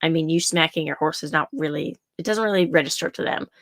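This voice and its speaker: A chatty young woman coaching riders, her voice sitting on the low side. She talks casually and circles back to repeat her key points for emphasis. The sound is close and dry, with no room around it. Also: quick pace, no room sound. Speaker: horse riding coach. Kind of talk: casual teaching talk.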